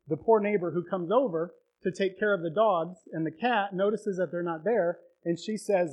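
A male pastor preaching a sermon, retelling a story with emotion and building to loud, heartfelt peaks. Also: high-pitched, lo-fi sound.

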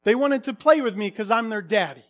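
A man in his thirties preaching a sermon, earnest, swinging from hushed confession to loud exclamations. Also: high voice, lively intonation, fairly quick.

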